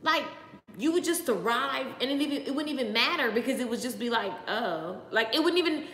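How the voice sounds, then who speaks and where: A woman's voice: high-pitched, lively intonation, a little fast, a bit bright. A woman talking casually as a motivational speaker on a live stream, chatty and rambling, greeting viewers by name. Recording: echoey room with long reverb, faint background noise.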